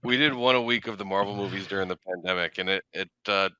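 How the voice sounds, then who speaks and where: A man co-hosting a podcast, talking rapidly and plainly in casual chat over a video call. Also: low voice, bright, forceful tone, smooth, no room sound, rough recording. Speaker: podcast co-host.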